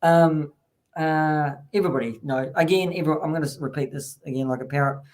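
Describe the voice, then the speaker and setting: This live-stream host has a fairly high, fairly quick voice and chats casually. He drifts loosely through topics with lots of fillers and restarts, warmly thanking the chat along the way.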